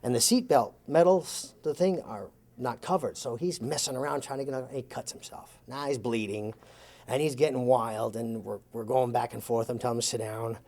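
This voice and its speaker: A man telling a long anecdote in an interview. He acts out the quoted lines with lively changes of voice and chuckles as he goes. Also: medium pitch, normal speed. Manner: chuckles while telling the story. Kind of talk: animated storytelling.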